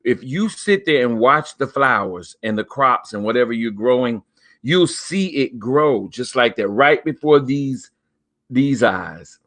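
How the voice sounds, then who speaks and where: A man hosts a casual live stream in a mid-range, slightly bright voice, animated and unhurried. His talk is folksy and preachy, and he stretches out words for emphasis.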